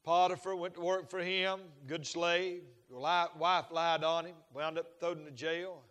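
Folksy preacher in an echoing hall. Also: male voice, on the high side, fairly even intonation, unhurried. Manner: folksy storytelling, building to shouted fervor. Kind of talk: sermon.

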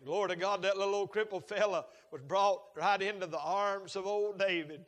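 At a moderate pace, a bright, high-voiced preacher spins his sermon like a folksy story until it swells into shouting passion. His words echo with a long hall reverb.

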